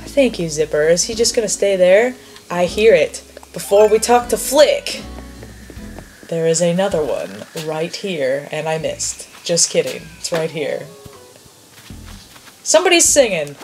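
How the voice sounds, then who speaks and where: A woman chatting excitedly and swearing lightly as she comments on a game she is playing. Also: fairly low pitch, a little slow, soft background music. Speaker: gamer. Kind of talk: casual gameplay commentary.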